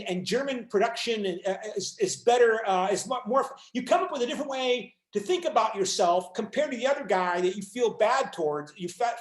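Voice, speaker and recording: Animated high-voiced male lecturer, roomy echo. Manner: animated, acts out quoted voices, many restarts and fillers. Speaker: university lecturer. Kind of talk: university lecture.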